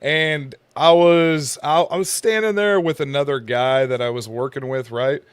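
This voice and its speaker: A man's voice: fairly high pitch, normal speed, clear, resonant tone, no room sound. A man telling a long profane story in casual podcast chat, rambling and crude. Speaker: co-host.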